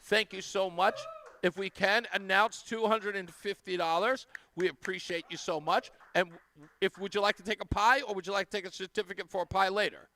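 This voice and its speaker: A man's voice: high voice, steady tone, fairly quick, pushed and bright. A man hosting a live radio talk show, chatting casually and effusively thanking donors. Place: radio studio.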